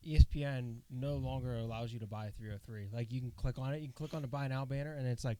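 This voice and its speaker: A man's voice: mid-range voice, fast, background noise. A man co-hosting a podcast in casual chat, joking and quoting others in little put-on voices. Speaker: podcast co-host.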